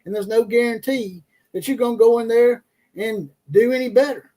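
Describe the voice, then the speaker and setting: Brash, profane, high-voiced sports streamer. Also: male voice, moderate pace, darkish tone. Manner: brash, profane, mocking, laughs at his own jokes. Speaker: college football livestream host. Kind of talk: casual livestream commentary reading chat.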